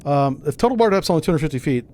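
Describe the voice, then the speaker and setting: A man's voice: on the high side, animated, very fast, a little mellow. A man hosting a gaming channel, giving casual gameplay commentary and thinking aloud in a wry, self-mocking way.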